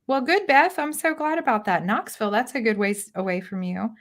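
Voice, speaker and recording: A woman's voice: fairly high pitch, animated, fairly quick, a bit bright. A woman from Missouri hosting a casual live-stream chat, chatty and laughing often, heard over a video call. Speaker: host.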